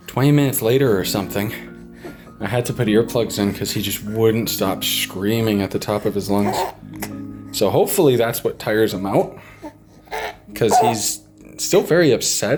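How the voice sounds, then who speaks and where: A young man, a new father, talking frankly on a casual home vlog, stressed and swearing freely. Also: medium pitch. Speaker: vlogger, father of a baby.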